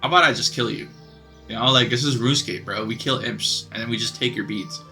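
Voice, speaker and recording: An excitable young man talking his way through a game, chatty and swearing. His voice is bright and forceful, and faint music plays under it. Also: mid-range voice, fairly quick. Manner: excitable and chatty, swears and says bro a lot. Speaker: gaming video creator. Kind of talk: casual gameplay commentary.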